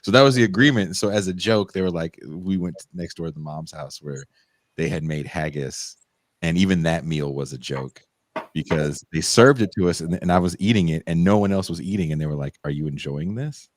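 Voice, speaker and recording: A man co-hosting a podcast, telling animated stories in casual chat and swearing freely. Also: sits low, brisk, dry recording, studio quality. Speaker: podcast co-host.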